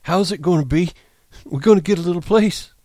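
A man's voice: high-pitched, a little fast, darkish tone, no echo, voice pushed up, lightly acted. A man voicing a simple-minded, childlike farmhand who talks in an eager, pleading way, in an audiobook reading.

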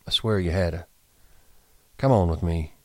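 A man voicing a calm, kindly ranch hand who talks gently and steadily in an audiobook reading. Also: low-pitched, normal speed, dry recording. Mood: gentle.

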